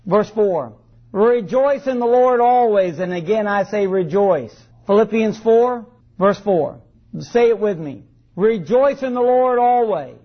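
A man with a high, husky voice preaches a sermon in church, reading scripture aloud and firing questions at the congregation for them to answer. The recording is dull and lo-fi. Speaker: pastor. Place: church service.

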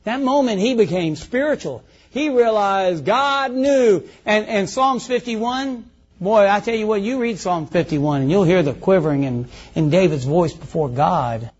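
A man's voice: high-pitched, expressive, a little slow, breathy edge, dull audio. A man preaching a sermon in a folksy, conversational way, calling out to his congregation.

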